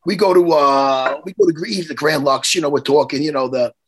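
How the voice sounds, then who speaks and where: A middle-aged man, hoarse from losing his voice, telling a story in casual, profane chat and acting out quotes. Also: a little high, brisk. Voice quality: hoarse, worn voice. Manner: animated, profane, acts out quotes. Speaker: podcast host.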